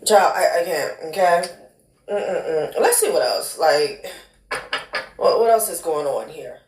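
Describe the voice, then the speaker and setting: A woman's voice: low voice, big pitch swings, takes it slowly. A woman doing a casual tarot reading, blunt and profane, who calls the listener honey and child. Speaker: tarot card reader. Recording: echoey room.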